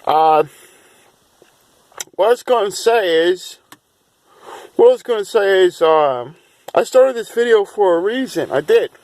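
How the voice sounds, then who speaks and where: High-voiced man rambling on a dry mic. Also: animated, measured pace, long pauses, darkish tone, dry recording. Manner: rambling, restarts and repeats himself; chants long runs of made-up syllables in a raised voice. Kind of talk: rambling vlog monologue.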